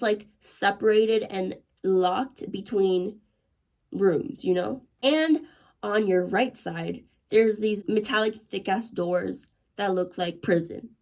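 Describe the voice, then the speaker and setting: A woman's voice: medium pitch, darkish tone. Young woman vlogger, swearing and dramatic, casual storytime, speaks to viewers directly. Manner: profane, dramatic, addresses viewers as y'all.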